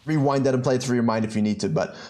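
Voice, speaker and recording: A young South African man coaches a video game over gameplay, animated and breaking into incredulous outbursts, his mid-range voice racing along.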